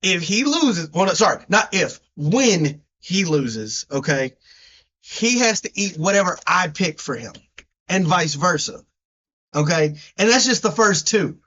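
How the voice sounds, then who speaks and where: A man with a deep Southern accent, co-hosting a casual sports podcast, brash and teasing, stretching words for emphasis. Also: lively intonation, normal speed, pushed and bright. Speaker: podcast co-host. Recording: dull lo-fi sound.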